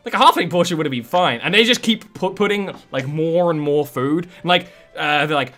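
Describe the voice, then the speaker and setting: A man's voice: fairly high pitch, lively intonation, normal speed, few pauses, fairly bright tone, soft background music. A man narrating as game master of a tabletop game, rambling and laughing as he describes the scene, often trailing off.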